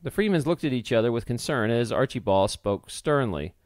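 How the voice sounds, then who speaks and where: A man's voice: medium pitch, animated, a little fast, a little mellow, no echo, studio quality. Man reading an audiobook aloud. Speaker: audiobook narrator. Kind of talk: scripted narration.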